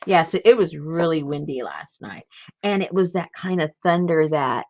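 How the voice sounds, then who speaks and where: A woman's voice: low-pitched, expressive, moderate pace, darkish tone, dry recording, dull audio. A woman hosting a casual crafting chat, rambling and laughing easily as she works. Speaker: crafting channel host.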